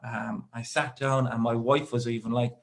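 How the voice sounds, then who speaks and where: Irish man, thirties, stand-up comedian, rambling stories, dry asides, mid-pitched voice. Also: little pitch movement, moderate pace, vocal fry.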